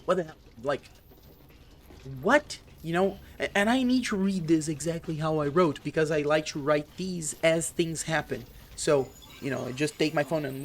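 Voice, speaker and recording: Guy vlogging about a game, hyped up, swears constantly, voice a bit high. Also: normal speed, faint music behind. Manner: excitable, swears a lot, reads his own notes aloud. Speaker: gaming vlogger. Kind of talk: casual reaction commentary.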